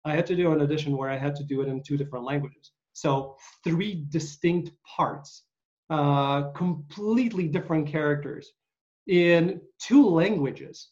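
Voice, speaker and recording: This podcast host has a fairly high, slightly mellow voice at a moderate pace. In a casual interview chat he rambles through stories hesitantly, filling gaps with lots of uhs, and the recording sounds dull and lo-fi.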